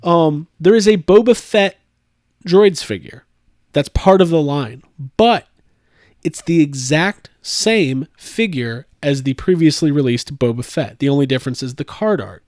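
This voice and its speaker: A man hosting a casual chat, rambling with lots of fillers and animated jumps in tone. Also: fairly high pitch, unhurried, no room sound, studio quality. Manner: rambling, animated, laughs often. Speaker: podcast host.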